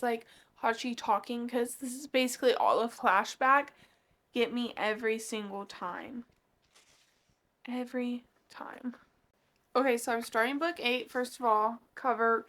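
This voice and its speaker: A woman's voice: on the high side, a bit bright. A woman book vlogger casually recapping a manga she is reading, with gushing, emotional reactions.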